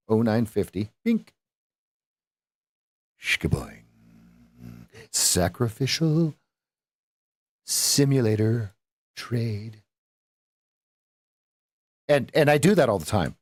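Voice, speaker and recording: A fairly low-pitched man runs a live trading lesson, thinking out loud as he goes. He stops to correct himself and tosses in silly sound effects. The recording is dry and close, with no room sound. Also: dry recording. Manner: rambling, self-correcting, with playful sound effects. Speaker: trading coach. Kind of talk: live-stream market commentary.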